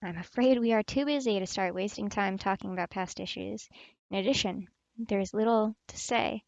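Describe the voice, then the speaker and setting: A woman's voice: mid-range voice, moderate pace, vocal fry, darkish tone, no echo, dull audio, close to an everyday voice. A woman reading the lines of a stern, dismissive mother superior who runs a nursing home.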